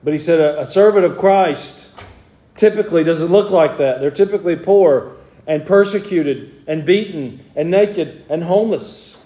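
A man preaching in an echoey church, his voice a little higher than most men's but mellow in tone. He reads old scripture aloud and then explains it to his congregation in plain talk. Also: moderate pace. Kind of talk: evening sermon with scripture reading.

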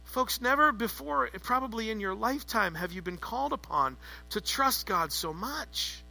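A man's voice: high voice, animated, moderate pace, gravelly, pushed and bright. A man preaching a sermon as pastor, emphatic and rhetorical, repeating key phrases.

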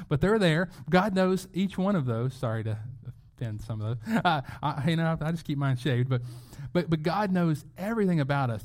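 A middle-aged pastor with a slightly high voice preaches casually. He talks like he is chatting with friends and keeps slipping into little acted-out voices. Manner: conversational, animated, acts out quotes. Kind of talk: sermon.

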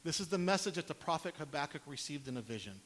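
A man preaching a sermon, reading scripture dramatically, rising to loud pleading and dropping to quiet, low emphasis. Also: expressive, quick pace. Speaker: pastor. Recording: long hall reverb, faint hiss.

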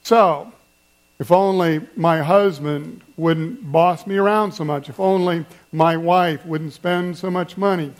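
A man with a fairly high voice delivers a sermon. He is conversational and playful, asking his listeners questions and getting them to join in. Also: slow. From German family background. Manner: conversational, playful, addresses the congregation directly. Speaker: pastor.

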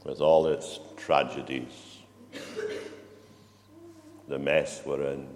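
Slow deep-voiced man preaching in a hall. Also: little pitch movement, a little mellow, a little hiss or hum. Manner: slow, reflective, asks the congregation questions. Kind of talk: sermon. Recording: long reverb of a church hall.

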